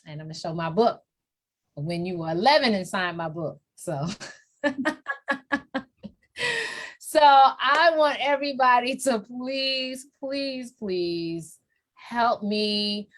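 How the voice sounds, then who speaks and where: Hosting a casual live-stream interview, this woman from New York speaks with a New York accent in a fairly high pitch and at a slow pace. She cheers her guest on with playful, lively energy.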